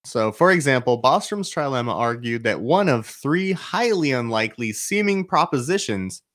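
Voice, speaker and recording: A young man hosting a relaxed podcast. He talks through an idea he is reading up on, loose and chatty, with swearing and quick laughs along the way. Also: medium pitch. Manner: explains from notes, swears and laughs freely. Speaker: podcast host. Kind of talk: casual podcast chat.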